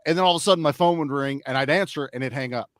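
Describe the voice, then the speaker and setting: A man's voice: fairly high pitch, racing, fairly bright tone, no room sound, studio quality. A man on a live panel chat telling a blunt, swearing story. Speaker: panel guest. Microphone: home mic on a video call.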